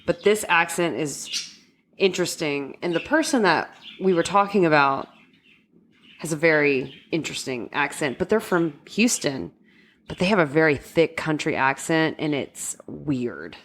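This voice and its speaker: A woman's voice: deep voice, animated, moderate pace, a bit bright, slight background noise. A woman co-hosting a podcast, talking casually and hesitantly with many fillers. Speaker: podcast co-host. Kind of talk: casual chat.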